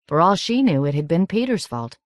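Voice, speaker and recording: A woman narrating an audiobook in a measured, steady reading. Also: on the low side, no room sound, studio quality.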